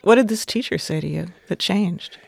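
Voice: medium pitch, moderate pace, vocal fry, no room sound, clean studio sound. An interviewer asking curious, probing questions.

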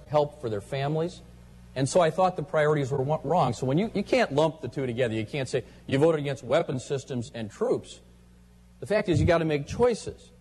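A man's voice: on the high side, a little mellow, slightly rough. A man rebutting a charge in a debate, firm and insistent. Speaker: politician in debate.

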